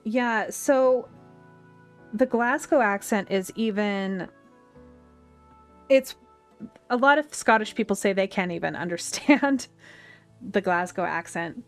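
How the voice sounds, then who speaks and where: A woman's voice: mid-range voice, slow, pauses often. Woman streamer, Western US twang, rambling and chatty, faint music behind. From United States. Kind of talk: casual chat while playing a game. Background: faint game music.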